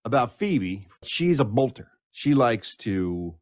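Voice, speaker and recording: A man telling a playful story on a podcast, with a lively storyteller's delivery. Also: medium pitch, slow pace, slight background noise. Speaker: podcast regular. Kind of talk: casual storytelling.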